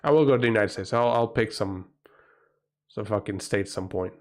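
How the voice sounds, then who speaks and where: A man's voice: lowish voice, normal speed. A man from Portugal with a Portuguese accent, a livestream host in a rambling, profane, casual chat who often breaks into exclamations.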